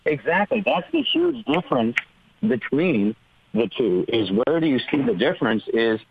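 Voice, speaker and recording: A man's voice: medium pitch, huge pitch swings, normal speed, gravelly, narrow, tinny audio, slight background noise. A man, a pastor, explaining theology in an earnest, emphatic way during a podcast discussion.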